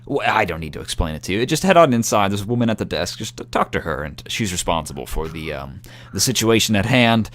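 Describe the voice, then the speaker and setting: A man's voice: on the low side, sing-song, fast talker, fairly bright tone. A man voicing a polite, apologetic gate guard who rambles and trails off, in a tabletop game.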